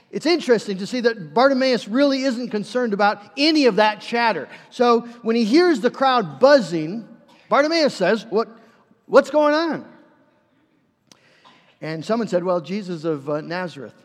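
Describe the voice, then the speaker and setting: Male pastor, high-pitched sermon voice, earnest storyteller, reverberant church hall. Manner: earnest storytelling with acted-out quotes.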